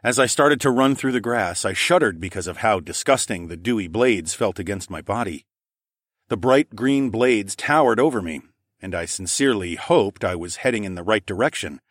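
A man narrating a first-person story in a steady, even reading voice. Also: lowish voice, normal speed, no room sound, clean studio sound.

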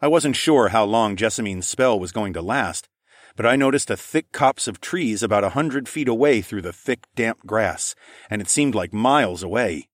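A man narrating a first-person story in a steady, even reading voice. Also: lowish voice, moderate pace, no room sound, studio quality.

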